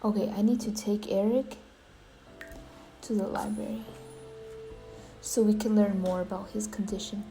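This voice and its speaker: A woman's voice: mid-range voice, fairly even intonation, moderate pace, gravelly, long pauses, dark tone, soft background music, low-quality recording. A young woman giving dramatic, half-whispered commentary while playing a life-simulation game. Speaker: gaming YouTuber.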